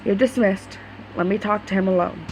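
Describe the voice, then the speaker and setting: A bright, confident young prince who smiles through every threat, as a woman reads his lines aloud. He gives orders with ease, in a plain read-aloud story voice. The pitch sits right in the middle. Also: normal speed, a little hiss or hum, close to an everyday voice, low-quality recording. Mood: commanding. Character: young cheerful commanding male prince.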